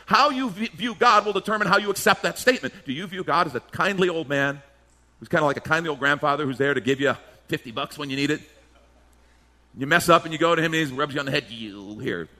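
A man's voice: on the high side, bright, forceful tone. A male pastor preaching a sermon emphatically, firing off rhetorical questions and slipping into mimicked voices.

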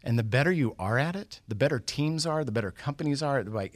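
Man, middle-aged, guest speaker, lively storytelling, questions to the room, dry close sound. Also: mid-range voice, fast, hardly any pauses, no echo. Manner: animated, builds suspense with questions. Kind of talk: motivational storytelling.

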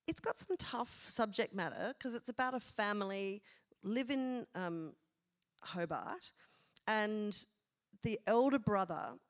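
Rambling woman co-host. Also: mid-range voice. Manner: chatty, rambling, with many fillers and self-interruptions. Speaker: podcast co-host. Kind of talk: casual chat on stage. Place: theatre stage, live show.

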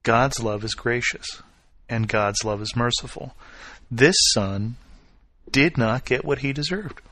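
A man preaching a sermon, retelling a Bible story with expressive swings from loud emphasis to quiet reflection. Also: mid-range voice, unhurried, no echo. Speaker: pastor.

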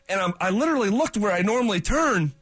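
A man's voice: high-pitched, expressive, fast, fairly bright tone, slightly rough. A man co-hosting a radio show in casual banter, telling a rambling story and acting out his own thoughts.

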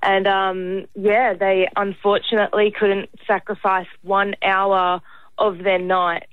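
A woman's voice: mid-range voice, little pitch movement, takes it slowly, smooth, no echo, phone-quality sound. A woman from Victoria, chatting as a radio guest and filling her talk with "like" and "um". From Victoria, Australia. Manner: chatty, lots of fillers. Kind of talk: casual phone-in chat.

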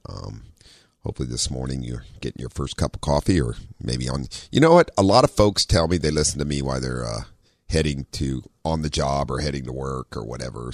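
A middle-aged man hosting a car talk radio show, relaxed and rambling with many ums and easy laughs. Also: no echo, studio quality. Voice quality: very low radio voice. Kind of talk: casual talk radio chat. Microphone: studio microphone.

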